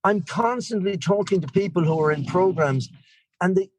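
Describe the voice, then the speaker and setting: Over a video call, an Irish man in his sixties shares at a recovery meeting as guest speaker, rambling and chatty with self-deprecating humor. His Irish-accented voice is high-pitched and darkish, lively in intonation at normal speed, recorded dry.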